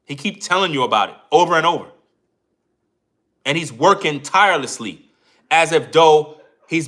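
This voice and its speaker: A man's voice: on the high side, pushed and bright. A man giving an emphatic commentary rant as a YouTube commentator, repeating himself and addressing viewers directly.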